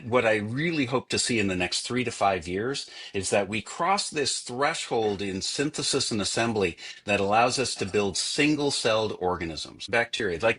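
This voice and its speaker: A man with a Canadian accent answers interview questions in a deep, low register. He speaks in a thoughtful, unscripted way, pausing often and restarting his phrases as he works out what to say. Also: fairly bright tone, husky. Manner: thoughtful, frequent fillers and restarts. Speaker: guest. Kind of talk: conversational interview.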